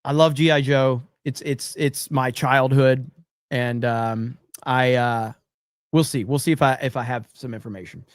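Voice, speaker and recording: A man's voice: medium pitch, fairly even intonation, measured pace, no echo, clean studio sound. A man hosting a live-streamed talk show, reading chat messages aloud in a blunt, profane, sarcastic way and often restarting his sentences. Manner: sarcastic mock-earnest delivery, blunt and profane; frequent restarts and stammering. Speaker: livestream podcast host.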